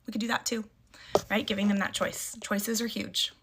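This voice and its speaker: A woman's voice: medium pitch, flat delivery, moderate pace, creaky, background noise. A middle-aged woman talking casually to camera about parenting. She is emphatic, repeats short catchphrases and acts out the firm replies she gives her kids. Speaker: parent sharing parenting advice.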